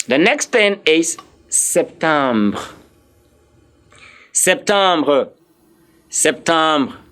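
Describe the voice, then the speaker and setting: A man teaching French, drilling words slowly, spelling them letter by letter and encouraging his learners. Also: on the high side, a bit bright. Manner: encouraging, speaks directly to learners. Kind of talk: live online language lesson.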